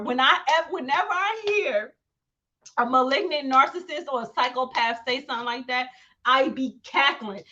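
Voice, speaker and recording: A woman hosting casual celebrity gossip commentary, animated and mocking, laughing often and talking in slang. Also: high voice, moderate pace, lo-fi sound. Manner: slangy talk, repeated phrases. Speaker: commentary host.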